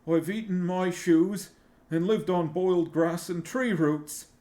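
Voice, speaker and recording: Dude doing a beaten-down hungry serf, flat dead voice, kinda shaky. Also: male voice, high-pitched, slow pace, voice pushed up. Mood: quavering. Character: starving male serf, worn-out and hopeless. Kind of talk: reading a novel aloud.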